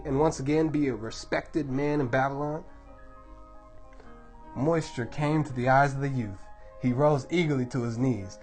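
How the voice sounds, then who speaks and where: A man reading a book aloud to his baby, telling the story in a measured, dramatic way. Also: on the high side.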